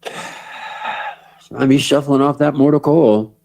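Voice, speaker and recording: A man's voice: medium pitch, fairly even intonation, measured pace, vocal fry, a little mellow, low-quality recording. A man hosting a livestream, cursing and mocking people, taunting them with questions and laughing often. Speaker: livestream host. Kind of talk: profane livestream rant.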